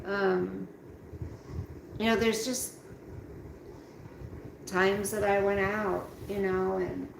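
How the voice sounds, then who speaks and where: Slow gravelly woman streaming from home. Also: medium pitch, flat delivery, roomy sound, noisy background. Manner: slow, rambling, talks straight to chat by name. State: tired, yawning. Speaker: livestream host reading chat. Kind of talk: casual live chat with viewers. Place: at home, roomy room.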